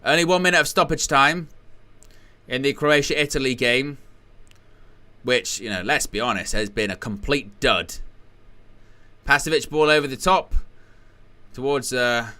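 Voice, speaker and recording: A man calls a football match live for a watchalong. His voice is bright and forceful, with a smooth, crisp tone. He talks casually and rambles into jokey asides between the action. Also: medium pitch, a little slow, long pauses.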